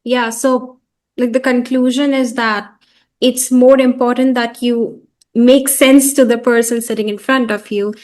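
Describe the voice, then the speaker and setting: Host, woman from India, slightly high voice, hesitant and inquisitive. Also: little pitch movement, a little slow, darkish tone. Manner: questioning, hesitant, thinking aloud. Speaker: host and interviewer. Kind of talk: conversational interview.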